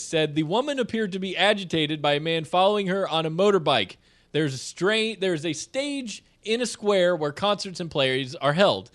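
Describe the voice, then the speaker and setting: A man from the American South co-hosting a comedy podcast, reading odd news stories and then joking about them. His voice sits a little high for a man, and it swings widely in pitch as he goes. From South Alabama and Georgia. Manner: joking, animated, reads news aloud then riffs. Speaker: podcast co-host.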